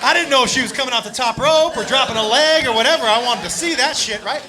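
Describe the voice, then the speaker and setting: A male stand-up comedian telling a crude story, animated and loud, shouting his punchlines. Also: very high voice, quick pace, a crowd in the background. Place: comedy club stage. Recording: live club set with audience laughter and noise. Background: audience laughing.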